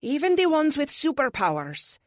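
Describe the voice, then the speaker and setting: A woman's voice: high voice, very animated, normal speed, no room sound, clean studio sound, voice pushed up. A woman voicing a female superhero who speaks with astonished earnestness.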